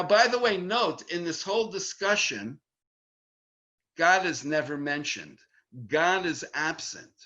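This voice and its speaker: A man teaching Torah as a rabbi in an online class, his voice high and sharp with a wide, lively swing. He speaks slowly and with emphasis, leaning into the quotes he reads. The audio is dull and a little lo-fi, as from a video call. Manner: animated, emphatic, acts out quotes with rising pitch.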